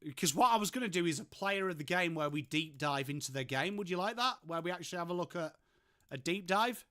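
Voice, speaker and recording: Chatty sweary English livestream host. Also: male voice, high-pitched, lively intonation, fast, bright, forceful tone, no echo, clean studio sound. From England. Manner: chatty, sweary, reads out and answers chat. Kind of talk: casual live-stream chat.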